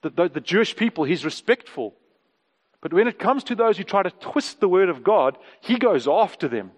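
A man preaching a sermon as pastor, emphatic and repeating words, rising in pitch for stress. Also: sing-song, normal speed, long reverb tail, dull audio.

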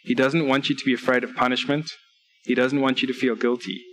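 A man's voice: medium pitch, little pitch movement, brisk, fairly bright tone, a little hiss or hum, low-quality recording. A man preaching a sermon at a church service, reading scripture and laying out numbered points with earnest, direct appeals to his listeners.

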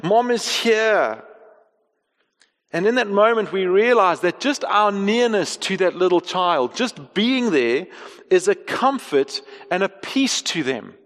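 A man preaching a sermon, earnest, moving between soft slow passages and raised emphatic ones. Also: high voice, expressive. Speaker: pastor. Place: church hall. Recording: long hall reverb.

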